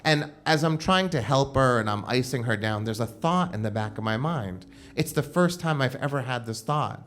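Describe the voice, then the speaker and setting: A man's voice: medium pitch, animated, normal speed, a bit bright. A man telling a personal story on stage at a live show, casual and comic, with frequent "like" fillers. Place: live show at a club venue.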